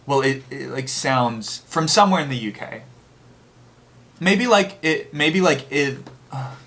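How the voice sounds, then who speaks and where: A man's voice: mid-range voice, fairly bright tone. A man hosting a casual book review chat, rambling and candid, with lots of filler words and the odd swear. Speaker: book channel host.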